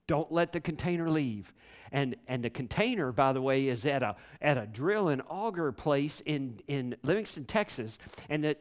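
A man, a pastor telling a story in a sermon, rambling and repeating himself with many restarts. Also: a little high.

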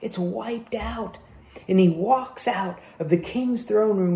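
Male pastor, conversational sermon delivery; gravelly tone, roomy church-hall sound. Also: high voice, slow, mellow. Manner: conversational preaching with rhetorical questions. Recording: echoey room.

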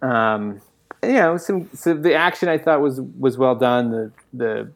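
A man's voice: medium pitch, measured pace, vocal fry. A man co-hosting a casual chat, hesitating with fillers and chuckling. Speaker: podcast co-host.

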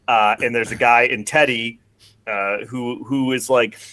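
Podcast dude rambling thru a movie recap, says like a lot, dry close sound. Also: male voice, mid-range voice, fairly even intonation, sharp tone, dry recording. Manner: rambling, heavy on "like", quick bursts. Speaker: podcast host. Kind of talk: casual chat recapping a film.

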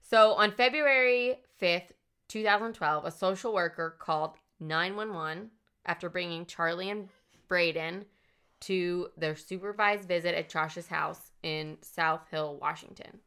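A woman's voice: lowish voice, unhurried, a bit bright, clean tone. A woman hosting a casual podcast, telling a true-crime story with a profane, indignant edge. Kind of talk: casual chat.

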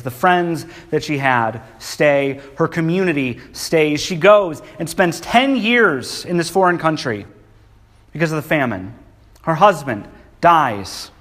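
A male preacher delivers a sermon in a highish, slightly bright voice, speaking emphatically and reading scripture with feeling. A long hall reverb fills the recording.

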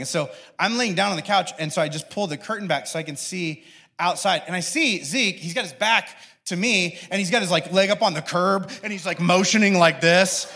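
High-voiced man preaching with lively stories. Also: fairly quick. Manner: lively storytelling, acts out his kids' voices. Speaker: pastor. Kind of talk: sermon with personal stories.

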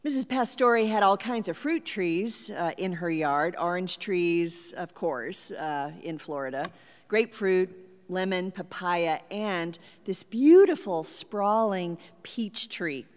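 A woman's voice: fairly low pitch, animated, slow pace. A woman pastor telling a personal story in a reflective sermon. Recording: long hall reverb.

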